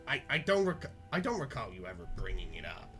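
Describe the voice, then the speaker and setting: Man voicing a laid-back teen boy, slangy, rambling, animated pitch. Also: a little fast, faint music behind. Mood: earnest rambling. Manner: slangy, rambling, cool-guy delivery. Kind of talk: comic reading of a webcomic.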